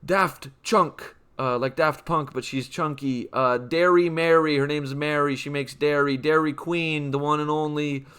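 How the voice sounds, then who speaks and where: Young man, fairly high and crisp, for a comedy list-read: stretch each name, then rattle off the punchline. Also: fairly even intonation, a bit bright. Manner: rambling punny asides between names; drawn-out name reads with quick offhand quips. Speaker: comedy channel host. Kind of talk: comedic list-reading of nicknames.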